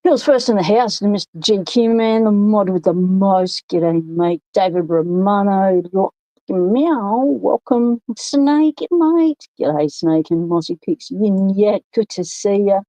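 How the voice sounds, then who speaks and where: A woman's voice: mid-range voice, lively intonation, slow pace, dark tone, no room sound, low-quality recording. Chatty Australian woman hosting a livestream. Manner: chatty and rambling, greeting viewers by name. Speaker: livestream host. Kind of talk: casual livestream chat. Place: home workshop. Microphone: phone microphone.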